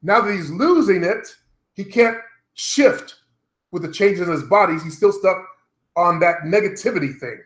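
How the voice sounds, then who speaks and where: A man's voice: sits high, expressive, normal speed, fairly bright tone. A middle-aged man vlogging at home, talking bluntly and profanely straight to his viewers in a loose, rambling monologue. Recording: roomy echo.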